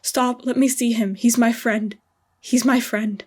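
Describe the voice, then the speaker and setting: A grief-stricken man pleads through sobs, his voice cracking, as a woman reads him aloud in an audio story. The tone stays breathy and flat in its pitch. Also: measured pace. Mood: desperate. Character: grief-stricken adult male detective.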